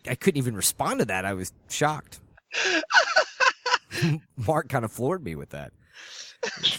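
A man's voice: mid-range voice, a bit bright, no room sound. A man co-hosting a podcast, teasing his co-host in profane casual chat and laughing often.

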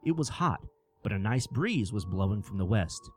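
A man narrating a scripted horror story with an expressive storytelling delivery. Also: fairly low pitch, moderate pace, faint music behind.

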